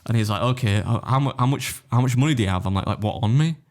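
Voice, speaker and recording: A man's voice: mid-range voice, quick pace, a little mellow. A man on a podcast, telling an anecdote in casual chat, acting out the dialogue, laughing often and swearing freely. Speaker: podcast guest.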